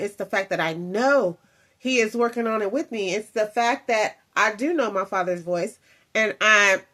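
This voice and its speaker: A woman's voice: on the high side, pushed and bright. A woman hosting and commenting on a clip of faith teaching, talking reflectively with many fillers and asides.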